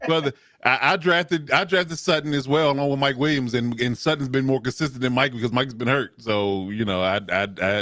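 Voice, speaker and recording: A man's voice: medium pitch, steady tone, fairly quick, few pauses, fairly bright tone. A man co-hosting a casual sports chat in an easygoing, agreeable way. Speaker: podcast co-host.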